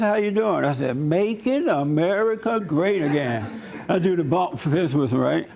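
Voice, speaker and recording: A man with a fairly high voice tells a story to his church gathering. He is animated and acts out the voices of the people he quotes, with sudden jumps in pitch. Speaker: pastor and host.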